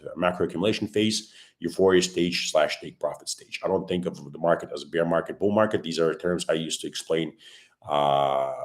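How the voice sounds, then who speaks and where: A man hosting a crypto livestream with a sore throat, often clearing it, explaining his views calmly and greeting viewers by name. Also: deep voice. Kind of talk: casual livestream chat.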